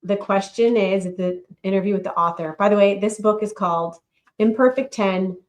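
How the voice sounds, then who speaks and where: A middle-aged woman co-hosting a casual chat podcast, talking in a measured, matter-of-fact way. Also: mid-range voice. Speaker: podcast co-host and novelist.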